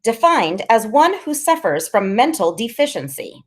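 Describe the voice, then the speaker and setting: A woman reading a story aloud and voicing a tiny, excitable genius boy who shouts gleefully in a shrill voice. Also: moderate pace. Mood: mocking.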